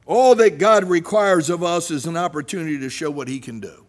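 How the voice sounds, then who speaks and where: High-voiced animated male preacher. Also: a little fast. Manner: animated, swings from loud to hushed. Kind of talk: sermon.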